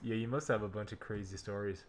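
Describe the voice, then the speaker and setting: A man's voice: lowish voice, quick pace, a little hiss or hum. A young man hosting a crypto livestream, trading laid-back jokes in casual banter. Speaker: crypto streamer, host. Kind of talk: casual stream chat.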